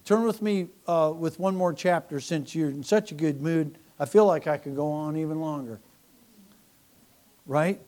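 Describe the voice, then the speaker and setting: A man preaching a sermon as pastor, animated and sarcastic, swinging from loud preaching to quiet asides. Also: fairly high pitch, moderate pace. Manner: mocking, sarcastic humor.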